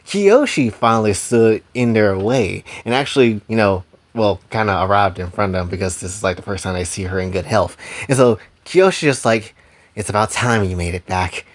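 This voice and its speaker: A man's voice: fairly low pitch, expressive, moderate pace, few pauses. A man hosting a casual story recap who rambles through it with lots of fillers. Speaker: host.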